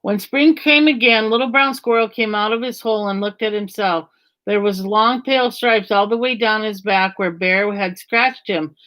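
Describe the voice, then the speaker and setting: A woman reading a children's story aloud at a gentle, even storytelling pace. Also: medium pitch, moderate pace.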